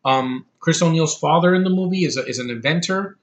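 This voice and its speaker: A man with a voice pitched a touch high talks through a casual movie review. He rambles, halts on fillers and restarts, and gives blunt opinions with plenty of swearing. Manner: halting, with many fillers and restarts.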